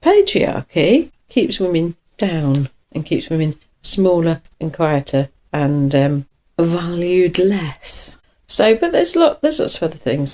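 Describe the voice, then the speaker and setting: A woman chats through a tarot reading from her couch at home. Her voice sits a little low yet leaps up and down with lively swings of pitch. She rambles, laughs often and corrects herself mid-sentence. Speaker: tarot reader. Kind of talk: casual tarot reading to camera. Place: cosy couch corner at home.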